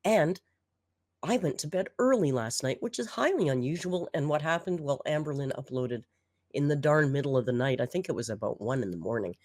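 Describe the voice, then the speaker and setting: A woman hosting a reaction commentary with sarcastic, dry asides and a slightly hoarse voice after being sick. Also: deep voice, lively intonation, a little fast, darkish tone, dry recording. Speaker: reaction channel host. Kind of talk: casual commentary reacting to a video.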